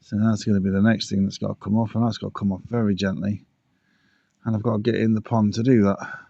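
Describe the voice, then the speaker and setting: This DIY vlog has a man fixing a pond outside, breathless as he mutters commentary to himself on the job. He talks fast in a low, fairly flat, creaky voice with a warm tone; the recording is dry, dull and lo-fi.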